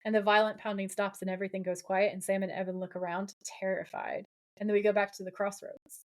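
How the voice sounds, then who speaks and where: A woman's voice: mid-range voice, fast talker. Woman co-host, mid-range voice, chatty retelling that slips into the characters' lines, casual swearing. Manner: animated, acts out quoted dialogue, swears casually. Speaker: podcast co-host. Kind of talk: casual episode recap.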